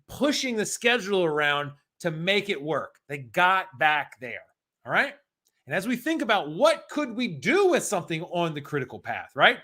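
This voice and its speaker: An American man running a live-streamed exam prep lesson, chatty and energetic, reading out practice questions and answering viewers in the chat. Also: high voice.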